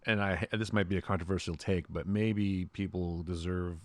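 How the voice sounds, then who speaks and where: A man's voice: sits low, fairly even intonation, moderate pace, dry recording. A man co-hosting a podcast, chatting casually with rambling, hedged opinions. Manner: musing, rambling, hedging opinions. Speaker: podcast co-host. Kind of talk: casual chat.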